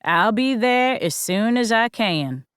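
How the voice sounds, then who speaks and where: A woman narrator voicing a gruff, suspicious male small-town sheriff who talks bluntly in a folksy drawl. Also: fairly high pitch, expressive, slow pace, fairly bright tone, dry recording, clean studio sound.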